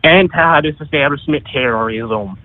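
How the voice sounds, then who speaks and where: A man's voice: a little high, no echo. Hesitant male caller on a phone line. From Montana. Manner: hesitant, halting. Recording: dry tinny phone line.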